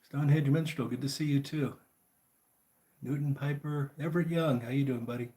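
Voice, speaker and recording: A man hosting a casual live chat, greeting viewers by name in a relaxed, friendly way. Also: medium pitch, moderate pace. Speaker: livestream host.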